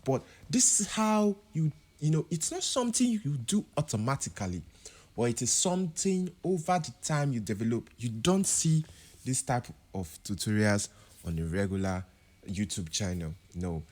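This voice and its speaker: A man teaching a piano lesson, explaining chords and now and then singing example words to show rising and falling pitch. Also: expressive, moderate pace, darkish tone. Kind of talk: music tutorial.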